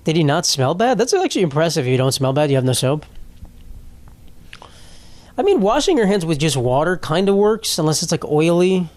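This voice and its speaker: A young man hosts a casual solo podcast, reading posts aloud and riffing on them. He rambles, swears freely and laughs through his words, in a voice pitched a bit high. The sound is dry and close, with no room in it. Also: sing-song, a little fast, pauses often, darkish tone, no room sound. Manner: rambling, profane, laughs while talking. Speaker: podcast host.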